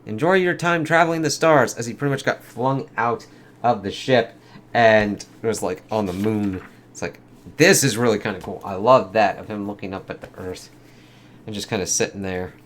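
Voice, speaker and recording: A man's voice: fairly low pitch, moderate pace, a little hiss or hum. Profane casual male comic reviewer. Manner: loose and profane, lots of fillers.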